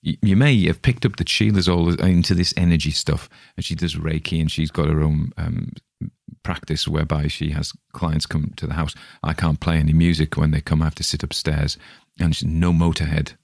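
Man, middle-aged, very deep voice, dry close sound, chatty rambling monologue. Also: flat delivery, moderate pace, gravelly, a little mellow, dry recording. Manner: chatty, self-deprecating, with many restarts. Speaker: podcast host.

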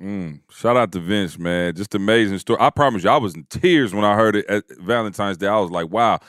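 A man hosting a podcast in a relaxed, casual way, chiming in with encouraging remarks. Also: on the low side, brisk, no room sound, studio quality. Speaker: podcast host. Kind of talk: casual chat.

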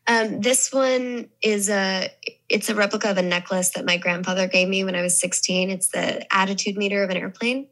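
A woman's voice: medium pitch, steady tone, normal speed, a bit bright, low-quality recording. A young adult woman from the American South, chatting thoughtfully as an actress interviewee, with many restarts and fillers. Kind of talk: casual interview chat.

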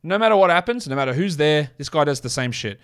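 A man hosting a casual sports show, reading off stats quickly with blunt, sarcastic commentary. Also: fairly high pitch, expressive, clean tone. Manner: blunt, sarcastic, rapid-fire stat reading. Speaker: podcast host.

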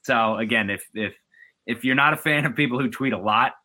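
A man guesting on a sports podcast, telling stories in a loose, animated way with lots of restarts and fillers. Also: mid-range voice, brisk. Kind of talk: casual sports chat.

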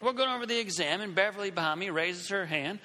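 A man's voice: high voice, quick pace, sharp tone, big-room sound. A man preaching a sermon, telling a story and acting out the scenes with shifting voices.

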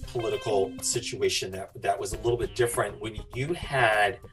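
A man's voice: on the low side, fairly even intonation, normal speed, fairly bright tone, soft background music, rough recording. A man co-hosting an interview podcast, reflecting on points and asking the guest questions. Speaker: podcast co-host.

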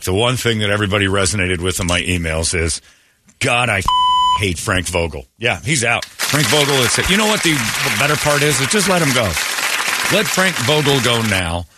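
A man's voice: mid-range voice, sharp tone, slight background noise. A man hosting a morning radio show, ranting with sarcastic, opinionated jabs. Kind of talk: casual morning radio rant.

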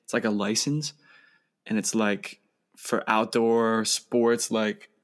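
A man's voice: on the low side, little pitch movement, slow. A young man, rambling casually with swearing and fillers. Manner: rambling, laid-back, swearing. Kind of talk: casual chat.

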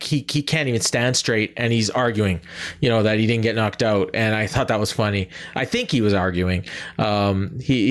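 Canadian man co-hosting a sports podcast; easygoing, rambling delivery full of restarts. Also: lowish voice. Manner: rambling, many fillers and restarts. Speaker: podcast co-host. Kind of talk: casual sports chat.

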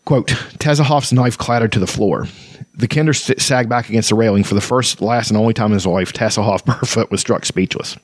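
Man reading fantasy novel aloud, low voice, dry close sound, casual asides. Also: brisk, dry recording. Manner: relaxed, stumbles and restarts, chatty asides. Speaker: reader.

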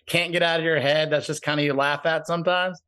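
A man hosting a podcast, asking casual interview questions in a halting way and restarting them as he goes. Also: a little high, fairly even intonation, pushed and bright, no echo. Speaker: podcast host.

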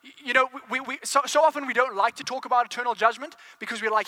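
A male preacher delivers a fervent sermon in a high, piercing voice. He stacks rhetorical questions and repeats words as he gathers steam. The sound is dry and close. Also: fast, hardly any pauses, bright, forceful tone, no echo. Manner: repeats words as he builds momentum.

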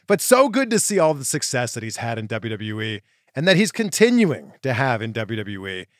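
A man's voice: medium pitch, a bit bright, dry recording, studio quality. A man hosting a podcast, opening the episode in an upbeat, chatty way. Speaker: podcast host. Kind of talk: podcast intro monologue.

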